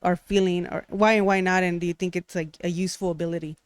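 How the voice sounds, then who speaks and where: A woman's voice: on the low side, little pitch movement, quick pace, no echo. A woman co-hosting a podcast, asking rambling questions full of "like". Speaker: podcast co-host. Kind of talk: casual podcast interview.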